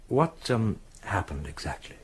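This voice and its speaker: A calm, low-voiced mediator. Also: male voice, husky, full character voice. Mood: measured. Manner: measured, hesitant, gently mediating. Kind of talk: radio drama acting.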